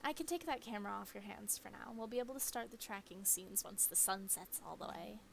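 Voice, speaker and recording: A woman voicing a friendly, easygoing young woman in a game, reading her lines in a relaxed, natural way. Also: mid-range voice, brisk, gravelly, slight background noise, natural voice. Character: cheerful young woman, a friendly cryptid hunter.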